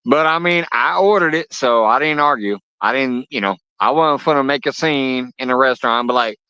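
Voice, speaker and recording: A man's voice: mid-range voice, brisk, hardly any pauses, pushed and bright, clean tone, dry recording. Profane, laughing man chatting on a fishing stream. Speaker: fishing livestream host. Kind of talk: casual live chat with viewers. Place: outdoors at a lake. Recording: dull lo-fi audio.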